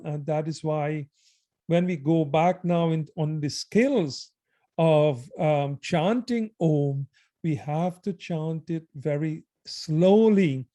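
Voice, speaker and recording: Male mantra teacher, high mellow voice, unhurried and reverent, devotional guidance. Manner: slow and reverent. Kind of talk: devotional prayer and chanting instruction.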